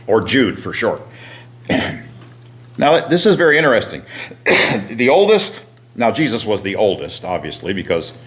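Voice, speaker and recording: Low-voiced man teaching a Bible class. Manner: asks the class questions, reads scripture aloud; frequent throat clearing and restarts.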